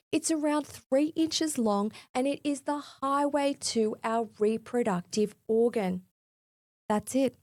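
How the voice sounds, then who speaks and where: A woman's voice: a little high, darkish tone, no room sound, clean studio sound. A woman in her forties hosting a solo podcast, talking in a cheeky, frank, chatty way with a bit of mild swearing. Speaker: podcast host. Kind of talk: scripted solo podcast monologue.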